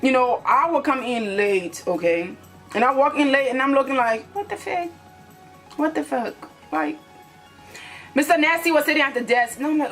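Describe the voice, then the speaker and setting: A woman's voice: high-pitched, a bit bright. A young woman from Liberia telling a casual storytime to her viewers, blunt and profane, speaking straight to them. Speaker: YouTuber.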